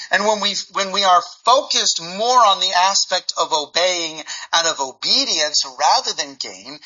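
Bright-voiced man preaching a sermon. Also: sits high. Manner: repeats words while restarting sentences; acts out dialogue in lively voices. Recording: dull lo-fi recording.

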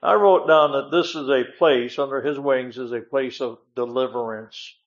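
A man's voice: medium pitch, moderate pace, highs cut off. A man preaching a folksy, emphatic sermon in a church, often repeating amen. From northern United States. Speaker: guest preacher.

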